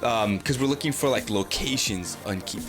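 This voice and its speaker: Male stream host, loose and talkative, middle pitch, soft music under him. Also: normal speed. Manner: rambling and chatty, acts out quotes and greets the chat. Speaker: livestream host. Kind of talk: casual livestream interview chat.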